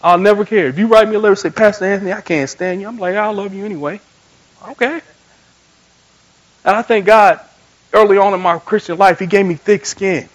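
High-pitched preacher guy, lively storytelling, gets loud then drops real quiet. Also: brisk, long pauses, low-quality recording. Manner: animated storytelling, acts out voices in quotes; swings from loud emphatic to quiet and soft. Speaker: pastor. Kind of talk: sermon.

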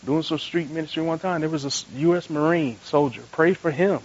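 A man preaching a sermon as pastor, telling stories animatedly and swinging between loud emphatic lines and quiet soft ones. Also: a little high, a little fast, lo-fi sound. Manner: animated storytelling, acts out voices in quotes.

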